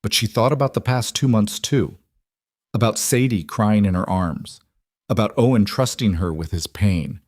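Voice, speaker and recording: Low-voiced man narrating a western. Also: moderate pace, dry recording, studio quality. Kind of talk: scripted narration.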